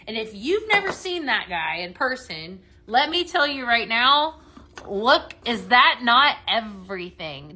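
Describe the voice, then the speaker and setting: On a live home-decor sales show, a woman with a somewhat high, sharp-toned voice chats bubbly and speaks straight to her viewers while demonstrating products. A little hiss or hum sits in the recording.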